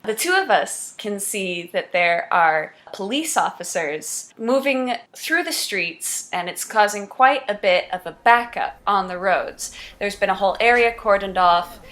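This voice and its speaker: A woman's voice: mid-range voice, expressive, measured pace, hardly any pauses, a bit bright, a little hiss or hum. A woman game master narrating a tabletop role-play in a descriptive, good-humored way.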